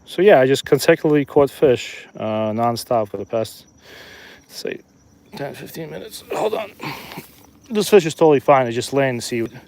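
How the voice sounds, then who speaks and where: A man's voice: medium pitch, expressive, normal speed, a little mellow. A man in his thirties chatting and joking casually to viewers while he live-streams a fishing trip outdoors. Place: outdoors by a lake.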